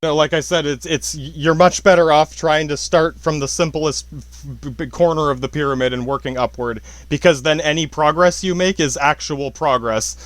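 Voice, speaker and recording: A man's voice: fairly high pitch, steady tone, moderate pace, dry recording. A man rambling in a casual monologue, swearing often, apologizing and laughing at himself. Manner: profane, self-deprecating, frequent apologies and laughs. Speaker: podcast host.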